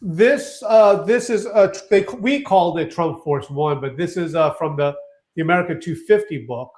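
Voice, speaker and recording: A high-pitched man co-hosting a relaxed live stream. He gets excited, trips over his words and starts his sentences over. His tone is chatty and loose. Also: moderate pace. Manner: excitable, restarts sentences, laughs often. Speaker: co-host. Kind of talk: casual live-stream chat.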